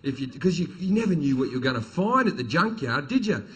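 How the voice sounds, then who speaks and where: A man's voice: a little high, very animated, fast, fairly bright tone. A middle-aged man telling a crude, swear-filled story as a stand-up comedian on stage.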